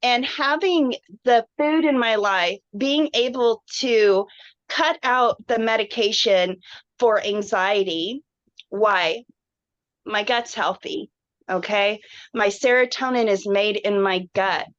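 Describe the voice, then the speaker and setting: A woman's voice: mid-range voice, slow, a bit bright, no room sound. A woman guest on a webinar, sharing her personal health story in an earnest, emotional, rambling way. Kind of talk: candid personal testimonial. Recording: dull, muffled online call audio.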